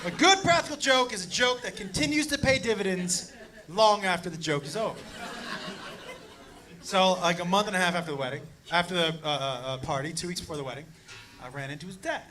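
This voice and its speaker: High, excitable stand-up comedian, man. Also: a little fast. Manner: loud, profane, excitable storytelling to a crowd. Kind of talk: stand-up storytelling. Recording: live stand-up clip with audience laughter and noise. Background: audience laughing.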